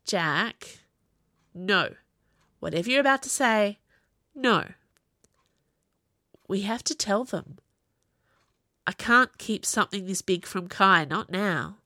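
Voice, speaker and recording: A woman's voice: mid-range voice, animated, takes it slowly, long pauses, pushed and bright, no room sound, clean studio sound. Woman voicing an earnest young male soldier.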